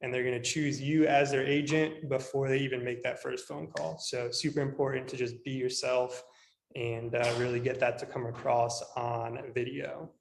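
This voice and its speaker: A young man, a real estate agent, teaching a class in a casual, relaxed way with plenty of ums while walking through a screen demo. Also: mid-range voice, normal speed, gravelly, a little hiss or hum. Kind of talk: casual instructional talk. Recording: echoey room.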